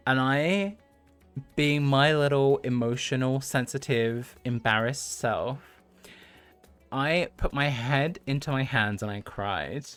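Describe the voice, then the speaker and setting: A man's voice: mid-range voice, slow, a bit bright, smooth, faint music behind. A man in his thirties, a livestream host telling a story to his chat, talking casually and laughing often. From United Kingdom. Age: 30s.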